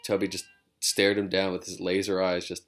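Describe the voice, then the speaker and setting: A man's voice: deep voice, completely flat delivery, normal speed, faint music behind. A man, a comedian, chatting casually and rambling from his living room, drifting between digressions with self-mocking humor. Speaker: comedian vlogger.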